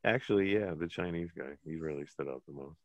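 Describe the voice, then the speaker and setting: Deep-voiced blunt podcast guy. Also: brisk, no echo, highs cut off. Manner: blunt, rambling, laughs at own jokes. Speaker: podcast co-host. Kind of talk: casual podcast chat. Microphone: podcast mic.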